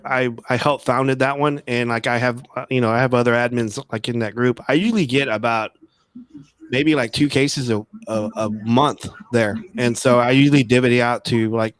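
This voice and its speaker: A man's voice: medium pitch, dry recording. This is a man with a mid-range voice, casually telling a story over a remote call. He rambles, repeats words and restarts his sentences. He grew up in Texas. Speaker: guest.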